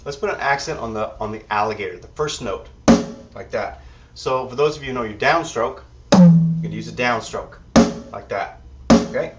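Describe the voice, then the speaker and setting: Male drum instructor, easygoing, thinks out loud; dull, distant recording. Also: mid-range voice, moderate pace, pauses often. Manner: relaxed, counts beats aloud, thinks out loud. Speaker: drum teacher. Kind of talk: drum lesson with counting and demonstration. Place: drum kit room. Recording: distant mic, dull sound, loud drums. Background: drums and music.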